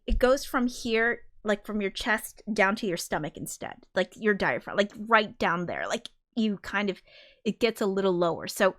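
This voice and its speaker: A woman hosting a casual livestream, thinking aloud as she explains her songs and now and then singing a line to show what she means. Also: medium pitch. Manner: demonstrates by briefly singing lines. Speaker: livestream host and songwriter.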